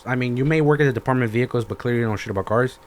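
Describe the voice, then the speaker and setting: On his podcast, a young man tells stories in a casual rant, heavy on slang and profanity. He speaks rapid-fire in a mid-range voice.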